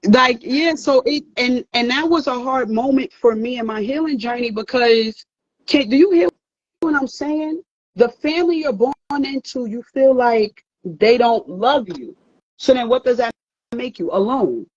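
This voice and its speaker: A woman's voice: fairly high pitch, measured pace, dry recording, lo-fi sound. Earnest woman giving life advice. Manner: earnest, emphatic, repeats words and restarts. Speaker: therapist host. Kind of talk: casual advice talk.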